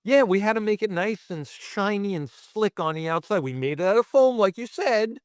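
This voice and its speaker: A man's voice: high voice, normal speed, clear, resonant tone, dry recording, studio quality. A man from Brooklyn telling a set story as a podcast guest, swearing freely and acting out the other people in it. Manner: profane, animated, acts out other people. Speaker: special effects artist guest. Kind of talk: casual storytelling.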